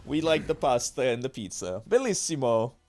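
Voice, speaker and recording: A man's voice: medium pitch, moderate pace. A playful, rambling man from Italy chatting casually on his gaming stream and swearing now and then.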